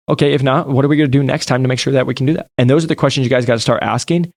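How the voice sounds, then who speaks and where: A man's voice: mid-range voice, very fast, creaky, few pauses, a little mellow, no echo, studio quality. A man hosting a podcast, giving an emphatic motivational talk straight to his listeners. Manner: emphatic, direct, addresses listeners as you guys. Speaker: podcast host and sales coach. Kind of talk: motivational monologue.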